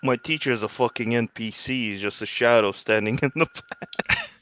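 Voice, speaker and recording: A man's voice: medium pitch, moderate pace, sharp tone, a little hiss or hum. Sarcastic guy cracking jokes while a friend plays. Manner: wisecracking, sarcastic. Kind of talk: casual chat.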